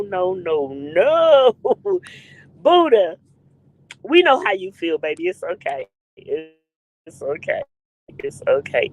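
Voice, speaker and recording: A woman's voice: medium pitch, poor audio. A woman hosting a casual live stream, greeting viewers in the chat by name in a playful way.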